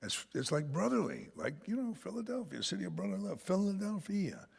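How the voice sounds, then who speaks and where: An American man preaching a sermon as pastor, an animated storyteller who punches out words for emphasis and jokes about himself. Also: sits high, fast, gravelly, breathy edge. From United States. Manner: animated storyteller, shouts words for emphasis, self-deprecating humor. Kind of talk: expository sermon. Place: church sanctuary. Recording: church hall reverb.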